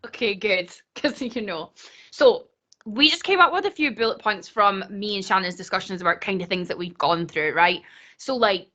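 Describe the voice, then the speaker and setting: A woman's voice: mid-range voice, animated, normal speed, pushed and bright, highs cut off. A Scottish woman speaking on a video call in a casual panel chat, earnest and chatty, laughing often. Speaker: conference speaker.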